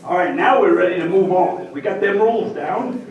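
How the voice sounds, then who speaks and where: A man's voice: sits high, fairly quick, muffled recording. A man with a thick Maine accent, a humorist teaching a live audience how to talk like a local, joking and drawing the crowd into call-and-response. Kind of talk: stand-up comedy lesson to an audience. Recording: echoey hall, mic far off, crowd audible.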